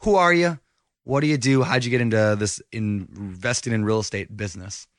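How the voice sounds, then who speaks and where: A man's voice: lowish voice, moderate pace, dry recording, studio quality. A man hosting a podcast interview, talking in an upbeat, playful, chatty way. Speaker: podcast host.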